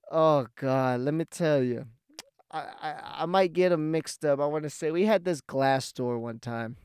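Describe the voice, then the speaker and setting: A man telling a rambling personal story in a casual, profane way, full of fillers and restarts, getting loud and worked up as it builds. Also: fairly high pitch, clear, resonant tone, no room sound, clean studio sound.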